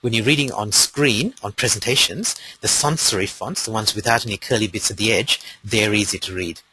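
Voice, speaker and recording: Man, Australian accent, webinar presenter, conversational, low husky voice. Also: a little fast, bright, forceful tone, no room sound, low-quality recording. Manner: conversational, explains step by step with fillers. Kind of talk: live webinar teaching.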